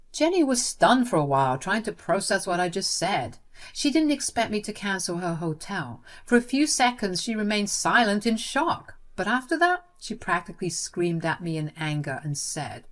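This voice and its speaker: A woman's voice: mid-range voice, very animated, moderate pace. A woman narrating a first-person story in an indignant, dramatic way.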